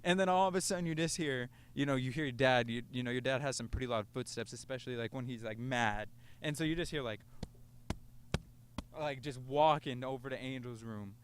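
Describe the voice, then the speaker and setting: This young man co-hosts a relaxed podcast from a rooftop outdoors, telling stories casually amid laughter and curse words. He speaks briskly in a mid-range voice, and a little hiss or hum sits under the recording.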